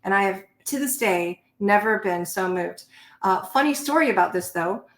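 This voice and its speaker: A middle-aged woman, a Navy veteran, telling stories in an interview in an animated way and laughing between them. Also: mid-range voice, normal speed. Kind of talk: conversational interview storytelling. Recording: roomy echo.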